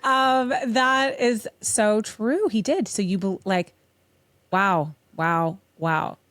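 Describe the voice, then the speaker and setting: A woman's voice: mid-range voice, fairly even intonation, slow, fairly bright tone, dry recording. A woman hosting a podcast, chatting casually, swearing freely and laughing often. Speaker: podcast host. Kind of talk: casual interview chat.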